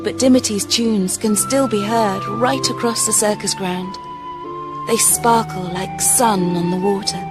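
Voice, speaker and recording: A woman reading a children's storybook aloud in a gentle, expressive way. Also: mid-range voice, measured pace, over loud music. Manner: gentle, expressive, varied pacing.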